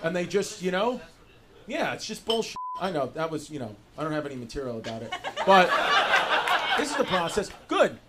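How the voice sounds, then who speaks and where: A young stand-up comedian does loose, profane crowd work on a club stage, laughing through his riffs. His voice is a little high, sing-song and brisk, captured in a noisy live club recording.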